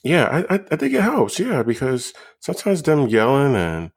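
A young man co-hosting a podcast, talking casually in a halting, stop-start way full of fillers and repeated words, high on weed. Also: wildly swooping pitch, husky. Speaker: podcast co-host. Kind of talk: casual chat.

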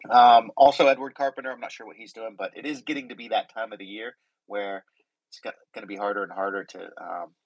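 A man with a slightly sick, husky voice hosts a loose group conversation. He rambles warmly, restarting his sentences as he welcomes everyone. His voice sits fairly low and sounds dry and close. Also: fairly even intonation, fast talker, no room sound, dull audio. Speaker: host. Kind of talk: casual group chat on a live audio stage.

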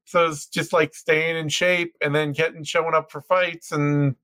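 A young man co-hosting a podcast, talking in quick, excited, rambling bursts. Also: fairly high pitch. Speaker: podcast co-host. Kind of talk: casual podcast chat.

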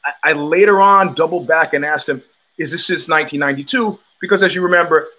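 Talking fast in a slightly high voice, an older man with a New York accent runs a livestream. In this casual monologue he spins animated stories with bluntness and swagger, swearing and repeatedly starting sentences over.

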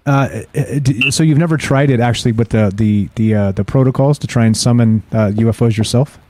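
A man's voice: medium pitch, fairly quick, darkish tone, a little hiss or hum. A man hosting a casual podcast, asking hesitant questions with restarts and laughing often. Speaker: podcast host.

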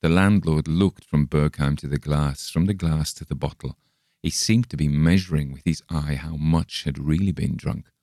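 A man reading a Victorian story aloud as an audiobook narrator, steady and measured, lifting his voice a little for the quoted speech. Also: a bass voice, vocal fry, no room sound, clean studio sound. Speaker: audiobook reader. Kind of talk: scripted narration.

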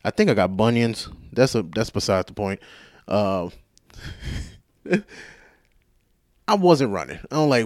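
A male podcast host telling a rambling story in casual chat, profane, animated and self-mocking, sounding tired. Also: lowish voice, normal speed, dry recording, studio quality.

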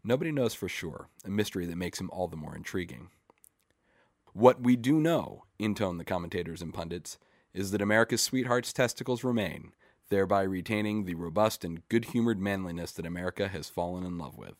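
A man reading a short story aloud in a measured, deadpan way. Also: deep voice, dry recording, clean studio sound. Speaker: story reader.

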